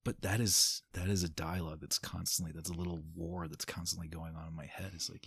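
A man's voice: deep voice, little pitch movement, fairly quick, creaky, few pauses, fairly bright tone, slightly rough, no room sound. A man talking candidly in a casual podcast conversation, swearing freely and laughing often.

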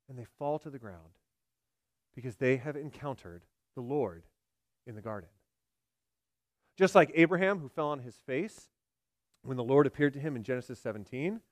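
A man preaching a sermon, swinging from loud emphatic lines to hushed, low delivery. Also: no echo, clean studio sound. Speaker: pastor.

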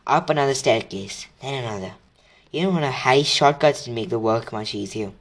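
A man's voice: mid-range voice, brisk. A man reading a children's book aloud, casually, with slips and restarts. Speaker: reader.

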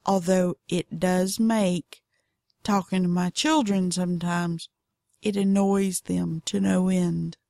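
A woman's voice: on the low side, steady tone, slow, gravelly, dark tone, no echo, clean studio sound. A middle-aged woman with a Southern US accent, hosting a knitting podcast in a chatty, folksy, drawling way. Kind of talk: casual podcast monologue.

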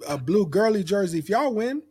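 A man's voice: high voice, sing-song, brisk, a crowd in the background. A man co-hosting a sports fan show, teasing a rival fan in casual chat and repeating his phrases. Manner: playful trash talk, repeats phrases. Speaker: podcast co-host.

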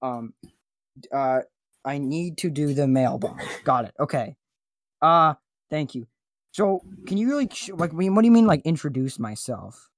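A man hosting a comedy podcast in a goofy, flustered way. His voice sits a little high and shoots higher when he gets worked up. The recording is close and dry. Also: lively intonation, a little slow, dry recording. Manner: goofy, flustered, rising to high squeaky pitch when panicking. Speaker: podcast host. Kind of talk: comedic casual chat.

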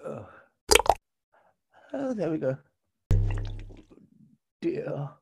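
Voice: medium pitch, very animated, drawn-out words, vocal fry, noisy background, heavily acted. A performer playing a frail, posh director in his eighties who talks in a doddering, courtly and tactless way. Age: 80s. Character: frail posh elderly male film director.

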